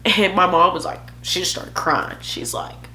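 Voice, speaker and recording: A woman's voice: lowish voice, unhurried, sharp tone, slight background noise. A young woman vlogger telling a candid, emotional personal story, joking at her own expense.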